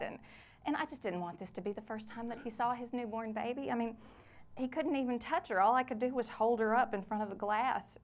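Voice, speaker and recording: Actress as a rambling mom in a prison waiting room, friendly, mid-pitched, scolding the kids between sentences. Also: female voice, natural voice. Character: chatty weary mother of four, prisoner's wife. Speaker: stage actor in a one-woman play. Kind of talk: theatrical monologue.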